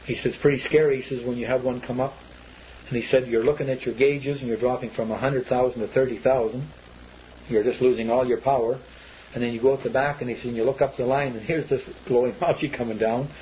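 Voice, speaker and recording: A man's voice: medium pitch, fairly even intonation, a little fast, a little hiss or hum. Man recounting a sighting, muffled recording. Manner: rambling, repetitive, acts out quoted speech. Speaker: eyewitness telling his story. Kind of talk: casual spoken recollection.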